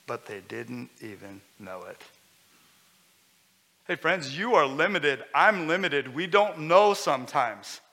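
A man preaching a sermon as pastor, conversational and lively, with sudden loud bursts. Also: medium pitch, vocal fry. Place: church hall. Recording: long hall reverb.

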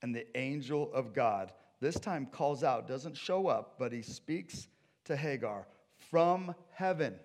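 Guy preaching a sermon, lively storyteller, does the bible characters himself. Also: mid-range voice, takes it slowly. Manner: animated storytelling, acts out scripture characters. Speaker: pastor.

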